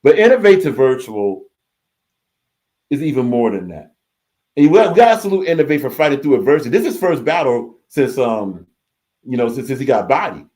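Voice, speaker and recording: Animated man hosting a live stream. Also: medium pitch, a little fast. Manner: animated, repeats phrases, reads chat comments aloud. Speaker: livestream host reading chat. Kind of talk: casual live reaction stream.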